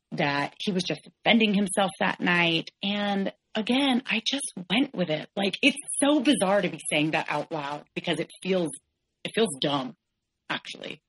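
Woman w a low voice, podcast guest telling her own story, candid, lots of "like" and restarts. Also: a bit bright, a little hiss or hum, low-quality recording. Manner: frank, halting, with many "like"s and self-corrections.

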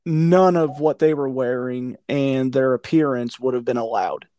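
A man's voice: medium pitch, a little slow, dark tone, dry recording. A man in casual conversation, blunt and profane, ranting with a conspiratorial tone. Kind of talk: casual chat.

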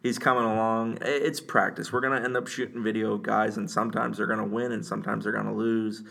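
A man co-hosting a casual sports podcast, giving measured, matter-of-fact analysis of players and recruiting. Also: on the low side, little pitch movement, creaky, a bit bright. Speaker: co-host, sports reporter.

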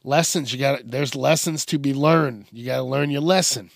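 A man hosting a podcast, ranting casually with lots of swearing and bursts of shouted acted-out bits. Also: mid-range voice, normal speed, gravelly, no echo, clean studio sound. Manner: profane, rambling, acts out bits in shouted voices. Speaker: podcast host. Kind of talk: casual comedic rant.

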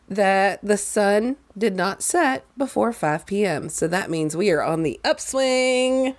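A woman's voice: medium pitch, lively intonation, slow pace, hardly any pauses. A woman co-hosting a podcast in casual, giggly, rambling chat. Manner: giggly, loose and chatty. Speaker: podcast co-host.

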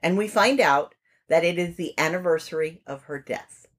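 A woman's voice: lowish voice, normal speed. A woman co-hosting a podcast, recapping a film plot in casual chat with asides. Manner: chatty, recaps plot with frequent asides and laughs. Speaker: podcast co-host. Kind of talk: casual movie review chat.

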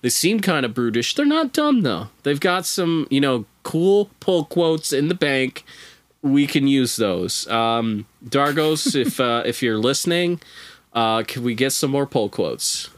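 A man's voice: medium pitch, sing-song, a little slow, dry recording. Man, podcast guest, casual storytelling, wry profane asides, dry close sound.

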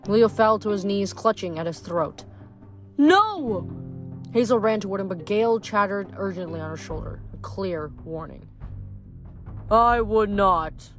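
A woman's voice: mid-range voice, fairly quick, hardly any pauses, faint music behind. A woman reading a novel aloud, stumbling and correcting herself, with chatty asides between chapters. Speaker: audiobook reader.

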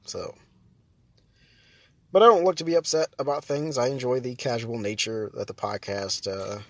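In a dry recording, a man with a medium-pitched voice speaks at normal speed on his solo podcast. His chat is casual and rambling, full of laughter and sentences he abandons halfway.

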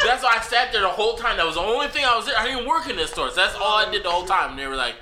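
A man in casual chat, telling a long funny story in a relaxed, laughing way. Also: sits high, rapid-fire, few pauses, a little hiss or hum. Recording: echoey room.

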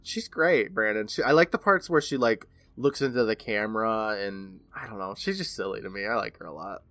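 A man's voice: lowish voice, a little fast, fairly bright tone, dry recording. Enthusiastic man recapping an episode. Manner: enthusiastic, laughs often while retelling. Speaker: podcast co-host. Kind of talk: casual episode recap chat.

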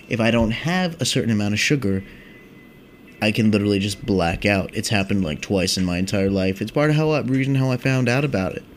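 Rambling, swearing young man with a low voice. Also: a little hiss or hum. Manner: rambling, swearing, animated stoner talk. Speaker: podcast host. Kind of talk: casual rambling monologue.

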